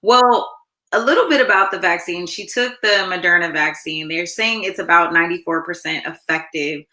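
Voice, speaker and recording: A woman co-hosting a talk show, explaining things in a lively way with plenty of fillers. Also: lowish voice, moderate pace, reverberant. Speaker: co-host.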